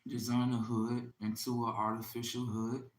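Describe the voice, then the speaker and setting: A man hosting a livestream, delivering a boastful, taunting, profane monologue that swings between loud outbursts and low mutters. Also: completely flat delivery, moderate pace. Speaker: livestream host. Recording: echoey room with faint ambient noise.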